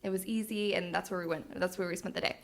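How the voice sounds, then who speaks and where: A woman's voice: on the low side, steady tone, quick pace. A young woman co-hosting a podcast, telling a personal story in casual chat. She speaks earnestly and gets emotional, with laughs between phrases. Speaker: podcast co-host.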